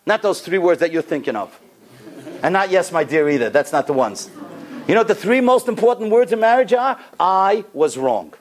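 A rabbi giving a sermon, telling stories with an animated delivery and a voice that climbs on the key points. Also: male voice, sits high, brisk. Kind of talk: sermon storytelling.

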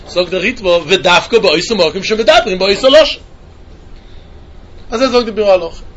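A man giving a Talmud lesson, talking in a fast singsong that climbs to emphatic peaks. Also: high-pitched, a bit bright, highs cut off. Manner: rapid singsong mix of English and Yiddish with Hebrew terms, rising to emphatic peaks. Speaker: Talmud teacher. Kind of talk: Talmud lecture.

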